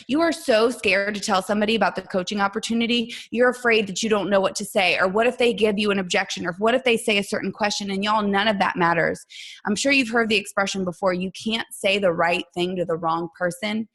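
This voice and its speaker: A middle-aged woman fitness coach gives a motivational talk to her team. She is chatty and warm in how she tells her story. She acts out other people's words as she goes. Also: medium pitch.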